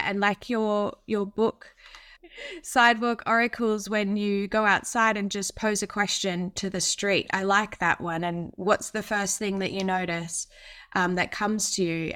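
A woman hosting a podcast, sharing reflective thoughts in a calm, earnest way. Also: mid-range voice. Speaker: podcast host. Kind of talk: conversational interview.

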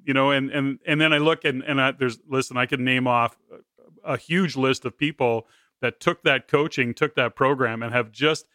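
Bright-voiced rambling male podcast host. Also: mid-range voice, steady tone, moderate pace, no room sound, clean studio sound. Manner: rambling, with many restarts. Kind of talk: conversational podcast interviewing.

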